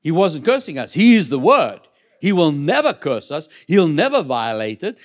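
Lively preaching man, high animated voice. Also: moderate pace. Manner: lively preaching with many asides and repetitions. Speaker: pastor. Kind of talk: sermon. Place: church.

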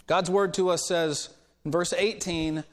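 A man preaching a sermon as a pastor, telling a story in a conversational way and getting animated when quoting others, in a church sanctuary. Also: sits high, a little slow. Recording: long reverb of a church hall.

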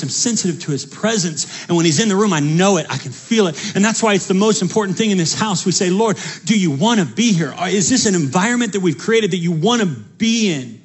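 High, husky-voiced preaching pastor. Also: male voice, brisk, few pauses. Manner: animated preaching with repeated phrases and stammered restarts. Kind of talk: sermon.

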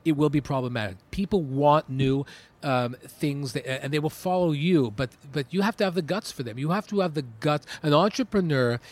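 Brief: middle-aged entrepreneur from Canada, interview guest, lively storyteller, stumbles and restarts. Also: male voice, on the high side, normal speed. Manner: animated, emphatic, with many restarts.

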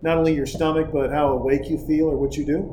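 A man's voice: a little high, little pitch movement, fast. A man hosting a casual chat, loose and profane, rambling through stories and advice. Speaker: podcast host. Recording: roomy echo, faint background hiss.

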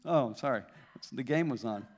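In a church auditorium with long hall reverb, a male pastor with a Southern US accent preaches a sermon to his congregation, building in intensity before joking with the crowd. His voice is medium-pitched and expressive at normal speed.

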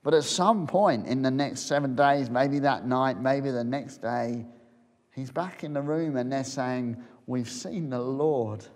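A man preaching a sermon, retelling a story as if picturing it, dropping to a hush and then rising again. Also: mid-range voice, a little slow, in a large hall. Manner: storytelling, imagining scenes aloud, swinging from loud to hushed.

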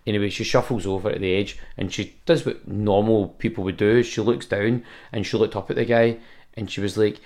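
Scottish male podcast host, low gravelly voice, animated storyteller. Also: brisk. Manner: animated storyteller, swears freely. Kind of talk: casual storytelling chat.

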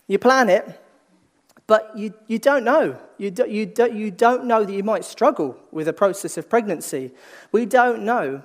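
A man preaching a conversational sermon, dropping from lively emphasis to hushed, slow lines and often restarting phrases as he thinks aloud. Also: high voice.

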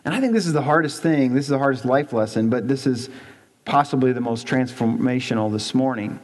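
A man's voice: medium pitch, a little fast. A man preaching an emphatic sermon as a pastor in a church, stressing points by repeating them and asking rhetorical questions. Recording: long reverb in a church hall.

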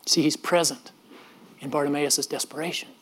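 A middle-aged man, a pastor, preaching a sermon in an earnest manner, often dropping his voice softly and repeating words as he goes. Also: a little high, fairly even intonation, normal speed, husky. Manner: earnest, with frequent soft drops and repeated words.

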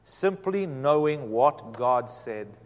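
A man preaching a sermon as pastor, telling a story with animated quoted voices. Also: mid-range voice, slow. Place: church sanctuary. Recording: long hall reverb.

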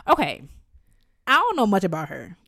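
A woman's voice: on the low side, lively intonation, moderate pace, no echo, clean studio sound. A woman co-hosting a podcast in casual, slangy chat, laughing often. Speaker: podcast co-host.

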